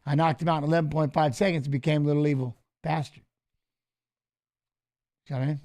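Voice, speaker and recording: A middle-aged former fighter hosting a casual live stream, rambling through stories and swearing freely. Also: male voice, fairly high pitch, fairly even intonation, fairly quick, a little mellow. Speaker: show host and former fighter.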